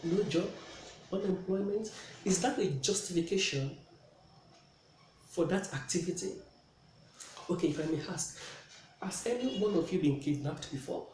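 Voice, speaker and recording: Man, a bit high-pitched and mellow, teaching pronunciation in a roomy, echoey space. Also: lively intonation, moderate pace, pauses often. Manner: checks in often with "okay?". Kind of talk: classroom pronunciation lesson. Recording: echoey room with faint noise.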